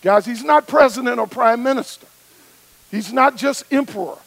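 A preacher with a strikingly high voice and a gravelly edge. He builds his points through emphatic, rhythmic repetition. The sound is dry and close to the mic. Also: moderate pace, a bit bright, no room sound, poor audio. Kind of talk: sermon.

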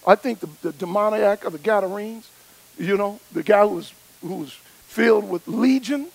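A man preaching a sermon, emphatic, with rhythmic repetition and a gravelly voice. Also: high-pitched, normal speed, rough recording.

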